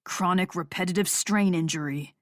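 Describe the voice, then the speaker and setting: A woman narrator voicing a bitter male rock musician in an audiobook, in a lower, flat, growling tone. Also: moderate pace, dry recording, clean studio sound, natural voice. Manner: low, flat, growling delivery. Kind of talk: audiobook character voice.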